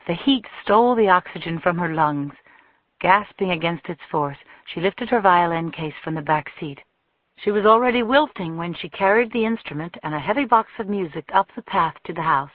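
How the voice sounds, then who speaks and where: Brief: woman audiobook narrator, expressive storytelling, tinny dry recording. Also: low-pitched, no echo. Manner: measured, expressive reading. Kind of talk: scripted narration. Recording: thin phone-like dry sound.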